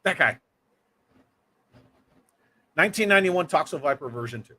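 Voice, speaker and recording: A man's voice: a little high, lively intonation, normal speed, sharp tone. A man hosting a casual livestream, reading viewer comments aloud and joking around. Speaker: livestream host.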